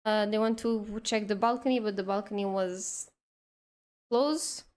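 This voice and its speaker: A woman's voice: medium pitch, steady tone, unhurried, darkish tone. A woman telling a long story in casual chat, rambling with lots of "like" and restarts. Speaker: streamer.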